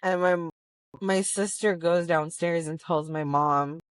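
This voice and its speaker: A woman teases her husband in loose, laughing chat. Her voice sits low, and the sound is dry and close. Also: steady tone, takes it slowly, smooth, no room sound. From Latina. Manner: playful teasing, laughing. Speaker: host's wife, co-host. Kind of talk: casual banter. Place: car while driving.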